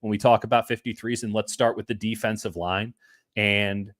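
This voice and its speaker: A man hosting a casual sports podcast, talking with animated swings between loud and soft. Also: on the low side, moderate pace, dry recording, clean studio sound. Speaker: podcast host.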